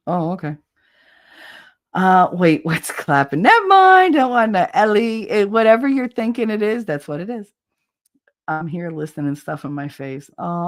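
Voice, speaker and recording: Woman on a livestream, lowish voice, swears a lot and laughs through her stories. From Hoboken, New Jersey. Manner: blunt, profane, laughs often. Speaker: livestream host. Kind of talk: casual storytelling chat.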